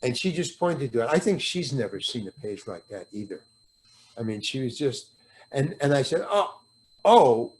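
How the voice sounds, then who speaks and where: An older man, an actor guest in a podcast interview, telling an anecdote with animated storytelling, acting out the voices of the people he quotes and swearing freely. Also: medium pitch, normal speed.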